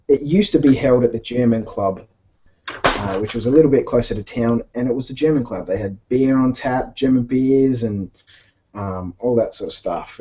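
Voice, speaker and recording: A man's voice: fairly low pitch, darkish tone, slight background noise. A man chatting casually about games while painting miniatures, rambling with many restarts and fillers. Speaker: podcast co-host. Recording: dull lo-fi sound.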